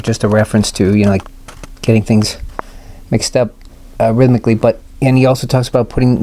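A man talks through a casual music lesson in a mellow, dark voice and scats the rhythms out loud. Faint noise sits under the recording. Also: medium pitch. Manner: explains rhythms by scatting syllables. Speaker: music teacher.

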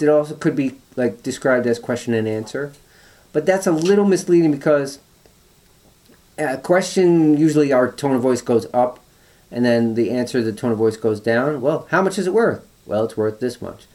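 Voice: medium pitch, dark tone. A music teacher explaining call and response during a guitar lesson, thinking aloud with restarts and fillers, with guitar playing in between.

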